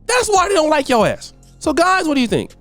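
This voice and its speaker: A man's voice: extremely high pitch, wildly swooping pitch, a little fast, fairly bright tone, faint music behind. A man hosting a celebrity gossip show, giving blunt, scolding commentary full of slang. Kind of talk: ranting commentary.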